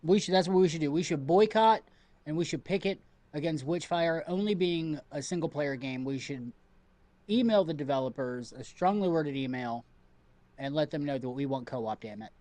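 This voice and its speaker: A man's voice: a little high, moderate pace, a little mellow, no echo. A man streaming a game from home, chatting casually and rambling to his chat, repeating himself as he goes.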